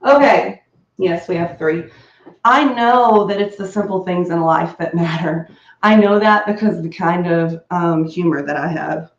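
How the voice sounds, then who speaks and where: This woman's voice sits on the low side and moves unhurriedly, recorded muffled in an echoey room. Getting ready at home, the beauty vlogger rambles cheerfully, laughing frequently and prone to bouts of coughing.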